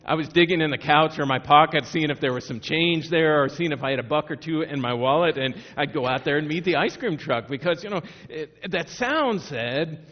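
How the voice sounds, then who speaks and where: A middle-aged pastor from Northwest Indiana preaching a sermon in a casual, conversational way, full of restarts and rhetorical questions. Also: male voice, medium pitch. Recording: dull sound, long hall reverb.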